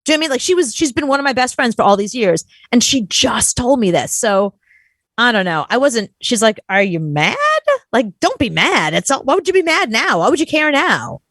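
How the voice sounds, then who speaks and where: A woman with a fairly high voice that swoops up and down as she talks, co-hosting a casual chat. She is animated and slips into quoted voices often. The sound is close and dry, with no room around it. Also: no echo. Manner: animated, quick to act out quotes. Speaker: co-host.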